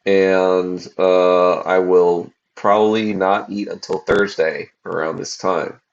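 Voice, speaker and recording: A man in his forties, a podcast host, rambling casually on a livestream with lots of profanity and fillers, tired from fasting. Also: low voice, level tone, vocal fry, lo-fi sound. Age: 40s.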